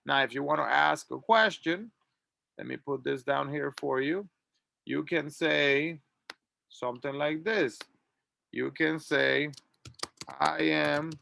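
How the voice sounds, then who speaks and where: A man teaching an English grammar lesson, reading model sentences slowly and clearly for students to repeat. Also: fairly high pitch, fairly bright tone, no echo. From Latin America. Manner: slow, drawn-out model sentences.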